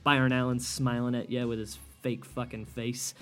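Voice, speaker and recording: A man's voice: medium pitch, little pitch movement, normal speed, soft background music. A man hosting a solo comedy podcast, ranting with heavy profanity and doing mocking impressions. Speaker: podcast host.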